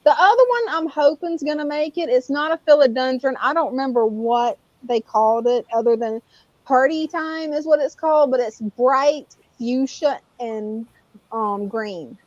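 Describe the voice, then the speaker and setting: Teasing high-voiced woman co-host. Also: moderate pace, darkish tone, dry recording. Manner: teasing, laughs often. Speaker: livestream co-host. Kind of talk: casual chat. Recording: dull dry sound.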